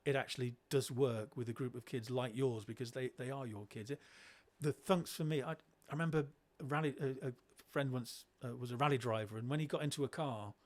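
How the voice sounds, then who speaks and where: A middle-aged man, a podcast guest telling classroom stories in a lively way, often restarting his sentences. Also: mid-range voice, fairly quick, few pauses. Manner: animated, acts out children's voices, frequent restarts. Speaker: guest, education speaker. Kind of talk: conversational storytelling.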